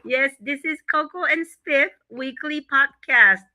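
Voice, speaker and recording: A middle-aged woman from Japan, co-hosting a live podcast from home. She sounds stuffy from a cold and talks haltingly, with many fillers and laughs. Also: sits high, sharp tone, rough recording. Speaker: podcast co-host. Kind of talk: casual live podcast chat. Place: home in winter. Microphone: computer mic.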